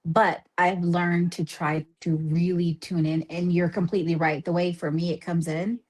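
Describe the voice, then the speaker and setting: A woman's voice: fairly low pitch, flat delivery, normal speed, darkish tone. A woman talking candidly and casually on a podcast.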